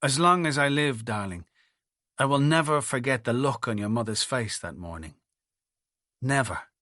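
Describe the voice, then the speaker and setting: A man reading a thriller audiobook in the first person, with a measured, confessional delivery. His voice sits at a middling pitch, and the recording is close and dry with no room sound. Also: sharp tone, dry recording. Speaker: audiobook narrator.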